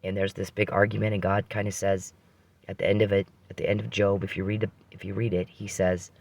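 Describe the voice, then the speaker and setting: A man's voice: lowish voice, little pitch movement, fairly quick, gravelly, a little mellow. A man hosting a podcast, telling a rambling personal story with frequent restarts and religious reflection.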